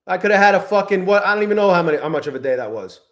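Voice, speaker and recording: A man with a fairly high voice narrates his trades live, swearing in nearly every sentence. He mutters low and bitter, then flares into shouting when a trade turns on him. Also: lively intonation, racing. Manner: profane, swings between muttering and shouting at the chart. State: frustrated and angry. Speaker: livestreaming futures trader. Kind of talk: live-stream trading commentary.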